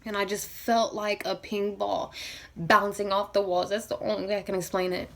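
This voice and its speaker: A woman's voice: mid-range voice, level tone, moderate pace, fairly bright tone. A young woman vlogger telling a painful personal story, emotional and near tears, rambling with many fillers. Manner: rambling, full of fillers like "you know what I mean".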